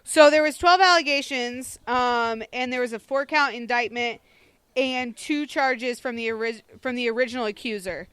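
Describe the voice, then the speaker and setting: Bright crisp-voiced woman on talk radio. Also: fairly high pitch, moderate pace, dry recording. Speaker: radio co-host reading news.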